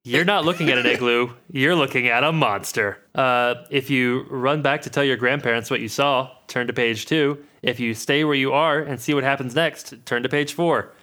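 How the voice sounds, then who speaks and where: A man's voice: medium pitch, moderate pace, hardly any pauses, pushed and bright. A man co-hosting a comedy podcast, reading an adventure book aloud with jokey asides. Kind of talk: comedic podcast read-along.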